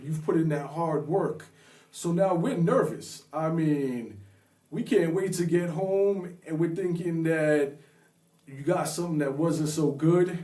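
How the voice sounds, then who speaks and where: A man's voice: on the high side, a little mellow, roomy sound, recorded from a distance. A father co-hosting a podcast, talking emphatically and repeating his points. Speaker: co-host, father. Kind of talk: casual podcast chat.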